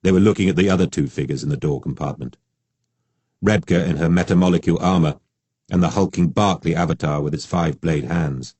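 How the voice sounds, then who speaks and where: A male audiobook narrator with a low, husky voice reads in a measured, steady way. The studio mic is close and the sound is dry, with no room around it. Each sentence gets the same even weight. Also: no room sound. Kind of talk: scripted narration.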